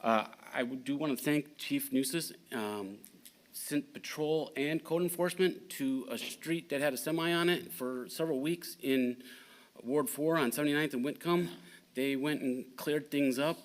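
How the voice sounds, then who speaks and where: A man's voice: medium pitch, normal speed. A man speaking at public comment in a town council meeting, blunt and indignant, with filler ums.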